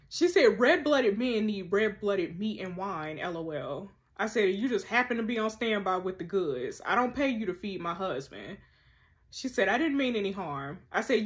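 A woman reads a chat story out loud and keeps cutting in with her own heated remarks. She is sassy and animated, with quick-tempered, slangy asides between the messages. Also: medium pitch. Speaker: host. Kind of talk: reading a text-message story game aloud with reactions.

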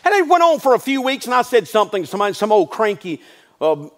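A man's voice: sits high, big pitch swings, fast, a bit bright. A man pastor preaching a sermon, telling folksy stories and building to emphatic declarations. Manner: folksy asides, calls listeners "son".

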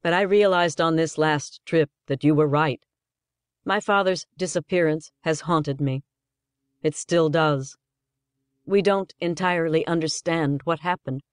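A man lifts his voice to play a resolute woman starship captain, gentle and measured. Her pitch sits well above his own reading voice, and she states her decisions firmly and calmly. The sound is dry and close. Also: clean tone, dry recording, natural voice.

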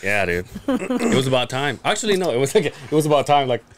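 A man's voice: mid-range voice, huge pitch swings, brisk, background noise. A man hosting a podcast in loose, casual chat, playful and swearing freely. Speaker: podcast host.

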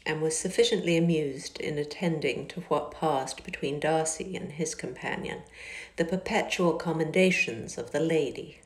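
A woman reading a classic novel aloud in a measured, calm way, recorded in a parked car. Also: sits low. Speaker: reader. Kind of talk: audiobook narration. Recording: echoey car interior.

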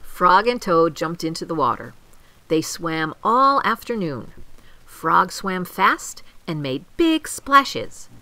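Grandma reading a storybook, slow and gentle, bright lively voice. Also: female voice, fairly low pitch, no room sound, poor audio. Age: older. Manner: gentle, expressive, clearly paced. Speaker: storyteller reading a children's book. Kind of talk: read-aloud storytelling.

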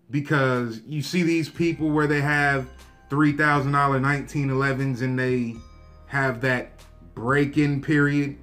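A man with a slightly higher voice, chatting in a loose, slangy way as he shows off a handgun to his viewers. Soft music plays faintly underneath. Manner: laid-back, slangy, talks to viewers directly. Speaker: gun review vlogger. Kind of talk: casual show-and-tell review.

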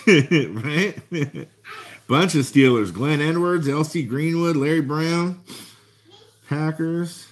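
A man chatting casually to viewers while opening a box of trading cards. He gets excited and shouts over good finds. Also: fairly high pitch, takes it slowly. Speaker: card collector vlogger.

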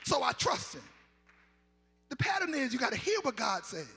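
A man, a pastor preaching a sermon in a chanting, sing-song style that builds to shouts, recorded live in a large church. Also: very high voice, big pitch swings, fairly quick, gravelly. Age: 50s. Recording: live church recording with long reverb and faint organ.

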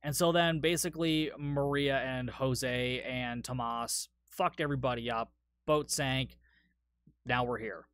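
A man's voice: mid-range voice, steady tone, a little slow, fairly bright tone, clean tone, no room sound. A man hosting a solo podcast, recapping a movie in a casual, rambling, profane way, tired after a long day. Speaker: podcast host.

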